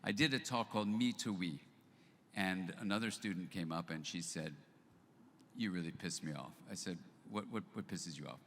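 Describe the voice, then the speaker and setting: A man's voice: deep voice, moderate pace, slight background noise. Older man telling stories in a reverberant hall. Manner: animated storyteller, acts out both sides of dialogues. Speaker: speaker at a live book launch event. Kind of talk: storytelling talk to a live audience. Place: event venue with audience. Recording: long hall reverb, faint ambience.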